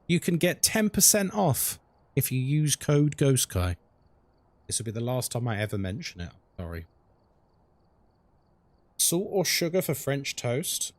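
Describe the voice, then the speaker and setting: Lively, chatty male game streamer. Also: mid-range voice, a little slow, pauses often, no echo. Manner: chatty, reads chat aloud and reacts to the game. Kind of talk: casual live-stream chat while gaming.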